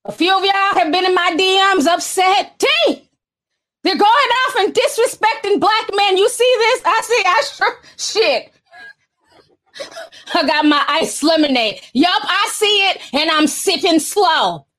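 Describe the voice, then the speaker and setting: A young woman hosting casual commentary, sassy and animated, reading posts aloud with frequent laughter. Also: extremely high pitch, measured pace. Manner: sassy and animated, laughs often, puts on a valley girl voice for quotes. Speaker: commentary host.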